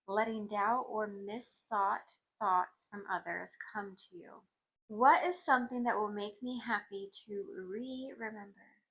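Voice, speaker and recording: A woman reading her journal notes aloud in a casual way, mixing questions and answers with quick asides. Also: medium pitch, vocal fry, pushed and bright, slightly rough, low-quality recording.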